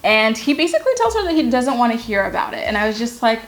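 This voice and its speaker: A woman's voice: fairly high pitch, lively intonation, quick pace, few pauses. A young woman casually recapping a reality show, candid and gossipy, with lots of filler words.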